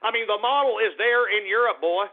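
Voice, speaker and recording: A man hosts a political talk radio show, shouting and fuming, with a strikingly high-pitched voice. He gets so heated that he trips over his words. The sound is thin and lo-fi, like an old radio broadcast. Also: brisk. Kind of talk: angry political radio rant.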